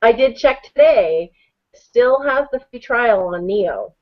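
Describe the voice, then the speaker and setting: A woman's voice: on the high side, lively intonation, slow. A woman co-hosting a casual chat, speaking in an upbeat, urging way. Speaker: co-host. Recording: muffled lo-fi audio.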